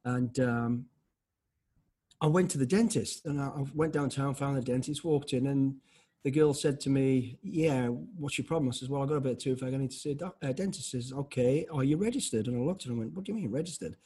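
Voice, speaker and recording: A husky, mid-range man talks fast as an interview guest, a former special forces soldier telling stories in a casual, conversational way. He's blunt and animated, restarting often and acting out dialogue.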